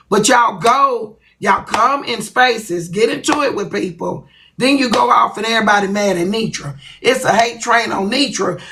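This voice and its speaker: A woman's voice: a little high, bright, forceful tone, slight background noise. A woman hosting a livestream, talking bluntly and profanely to her viewers in a confrontational rant. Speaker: livestream host.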